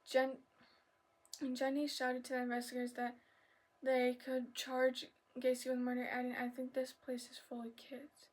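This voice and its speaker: A woman hosting an ASMR video, reading aloud softly, stumbling over words and apologizing, now and then dropping into a whisper and a little out of breath. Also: sits high, monotone, moderate pace. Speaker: ASMR channel host.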